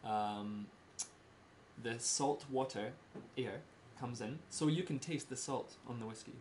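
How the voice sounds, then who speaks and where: A man's voice: mid-range voice, darkish tone, slight background noise. Laughing Scottish man giving a talk. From Scotland. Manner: simple slow wording, laughs often. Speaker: presenter giving a talk about Scotland. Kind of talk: casual presentation to a small group.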